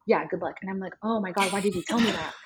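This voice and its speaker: A woman guest telling a personal story in casual chat, animated and acting out quoted lines. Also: mid-range voice, fast, a crowd in the background, rough recording. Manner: animated, acts out her own and others' lines in quotes, many fillers of "like". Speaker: podcast guest.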